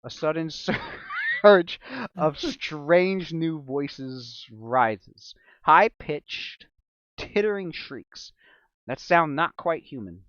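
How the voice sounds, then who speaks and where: A man's voice: a little high, expressive, very slow, a bit bright, smooth, no room sound, highs cut off. A man running a tabletop game, switching between loose, profane chat and dramatic scene narration, laughing often. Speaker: game master.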